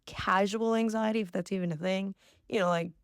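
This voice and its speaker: A woman's voice: medium pitch, fairly even intonation, brisk, clean tone, dry recording, studio quality. A woman in her twenties hosting a podcast, telling a personal story in a chatty, self-mocking way with lots of "like". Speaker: podcast host. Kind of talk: casual solo podcast storytelling.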